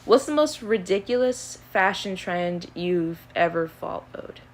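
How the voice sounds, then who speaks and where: A woman's voice: fairly low pitch, animated, a little slow, slight background noise. A woman in her early twenties chatting casually on a live stream, rambling and easygoing, with lots of fillers as she answers questions. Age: early 20s.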